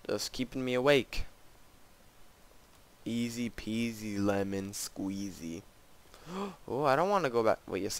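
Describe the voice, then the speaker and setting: Playing through a custom map, this gamer talks casually in a creaky, low-leaning voice that sounds clear and resonant. His commentary is peppered with gasps, exclamations and self-mockery.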